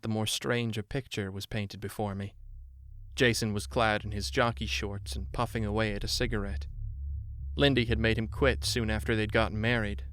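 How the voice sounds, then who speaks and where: A man narrating a horror story in a measured way, slowing down on grim details. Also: lowish voice, fairly bright tone, slight background noise.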